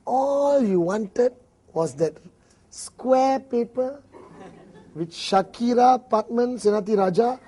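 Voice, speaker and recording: A man's voice: extremely high pitch, expressive, takes it slowly, dark tone, breathy edge. A man with a Malaysian English accent giving a motivational network marketing seminar, acting out little dialogues and often laughing.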